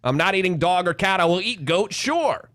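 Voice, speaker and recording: A man's voice: high-pitched, lively intonation, normal speed, fairly bright tone, no room sound, studio quality. A man hosting a casual morning radio show, reading out listener messages and joking with his crew.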